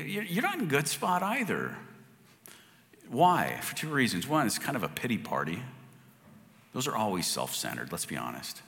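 A man preaching a sermon as pastor, conversational, swinging from loud to hushed. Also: mid-range voice, wildly swooping pitch, normal speed, creaky, long pauses. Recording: long hall reverb.

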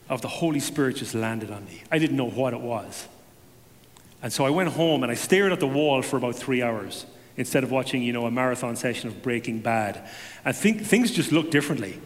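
A man giving a personal testimony to a congregation, telling it as an animated story with self-deprecating humor. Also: medium pitch, big-room sound.

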